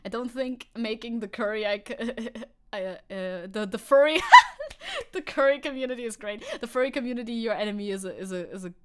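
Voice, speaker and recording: A woman's voice: mid-range voice, fairly quick, a little hiss or hum. Laughing, rambling young woman streamer. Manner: rambling, laughing, swearing, frequent restarts. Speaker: streamer reacting to news clips. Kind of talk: casual live-stream chat.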